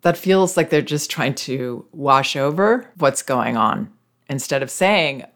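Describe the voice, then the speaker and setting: Calm, patient parenting advice host. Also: mid-range voice, slow pace. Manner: calm, reflective, explains patiently. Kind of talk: conversational advice talk, answering listener questions.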